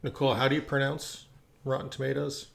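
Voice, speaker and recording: A man with an ordinary mid-range voice hosts a casual podcast, mixing trivia with light jokes. He keeps a playful, quick-witted tone. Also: medium pitch, level tone, creaky. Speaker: podcast host. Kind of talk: casual chat, reading trivia and scores.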